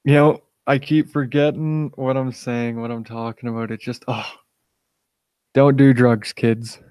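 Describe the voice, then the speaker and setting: A man's voice: medium pitch, fairly even intonation, unhurried, darkish tone, clear, resonant tone, dry recording. A young man rambling through an opinionated rant on his own live stream, stoned, with lots of restarts and filler. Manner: opinionated, rambling, frequent restarts and "you know". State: high on cannabis. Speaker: channel host live-streaming. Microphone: desk microphone.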